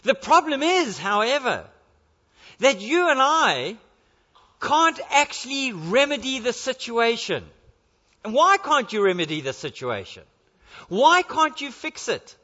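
A man's voice: very high-pitched, sing-song, measured pace, pushed and bright. A male pastor preaching an earnest sermon in a church, driving his points home with repeated rhetorical questions. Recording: dull lo-fi sound with long church reverb.

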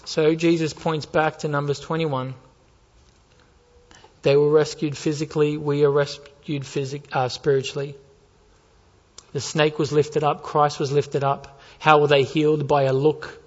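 A male pastor preaching a sermon with impassioned, rising urgency that builds to near-shouts. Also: a little high, level tone, a little slow. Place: church sanctuary. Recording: muffled with long hall reverb.

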